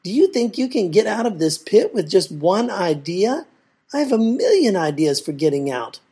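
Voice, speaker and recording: A woman's voice: mid-range voice, expressive, brisk, warm tone, slightly rough. A woman voicing a boastful, mocking male fox in a storybook tale. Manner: taunting, gloating.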